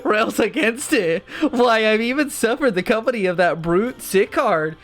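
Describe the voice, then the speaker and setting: A man doing a spoiled whiny young lord with a nasal drawl, haughty and put-upon, his pitch swooping all over as he grumbles through game lines. Faint game music hums behind him. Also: lively intonation, a bit bright. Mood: complaining. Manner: haughty, drawn-out complaining. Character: pompous whiny young nobleman, spoiled and idle. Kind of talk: reading game dialogue aloud.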